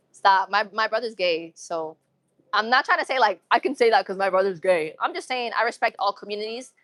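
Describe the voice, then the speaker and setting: A woman's voice: medium pitch, expressive, moderate pace, a bit bright, dry recording. Chatty young woman with New England accent. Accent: New England with urban slang. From Massachusetts, New England. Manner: chatty, repeats phrases, upbeat. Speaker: livestreamer. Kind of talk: casual live-stream chat with viewers.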